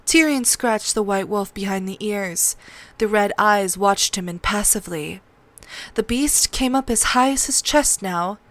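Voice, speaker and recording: A woman's voice: mid-range voice, a little slow. Woman reading a novel aloud. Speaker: narrator. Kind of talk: audiobook read-along.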